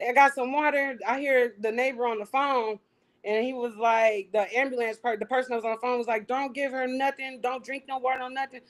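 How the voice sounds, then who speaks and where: A young adult woman telling a personal story as an interview guest, animated and acting out what she said back then. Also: fairly high pitch, brisk. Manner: animated, acts out her own past lines.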